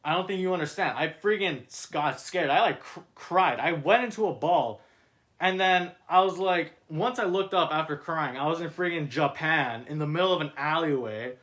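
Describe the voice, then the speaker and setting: A man with a slightly high voice tells a wild tale in loose, chatty bursts. He rambles, stacks up fillers and throws in mock-dramatic emphasis. He often trips and restarts his sentences. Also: normal speed, a bit bright. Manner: frequent self-corrections and restarts. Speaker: storyteller reading his own script. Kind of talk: casual comic storytelling.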